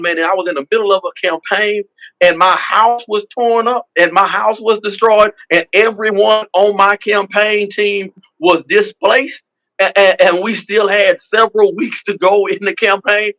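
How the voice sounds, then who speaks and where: A man speaks with a high, bright, forceful voice. He is a pastor telling a personal testimony as an interview guest. He builds his points in emphatic, repeated phrases with a preacher's rhythm. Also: low-quality recording. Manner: emphatic, repetitive preacher cadence, frequent "man". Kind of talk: testimonial storytelling.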